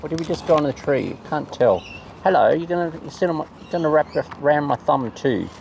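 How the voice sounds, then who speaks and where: A man who runs a bird-feeding channel, chatting casually and playfully to wild birds in a high, sing-song baby-talk voice. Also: lively intonation, brisk, gravelly, darkish tone, lo-fi sound. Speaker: bird feeder and channel host. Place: outdoors with wild cockatoos. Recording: noisy outdoor recording.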